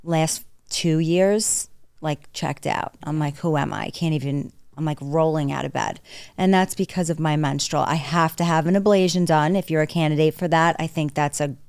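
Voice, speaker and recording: A woman in her forties with a very low, smooth and resonant voice, speaking as a podcast guest. She is frank and chatty and talks in quick bursts. Her voice sounds dry and close, with little room sound. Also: fairly even intonation, a little mellow, dry recording. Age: 40s. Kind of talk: candid casual conversation.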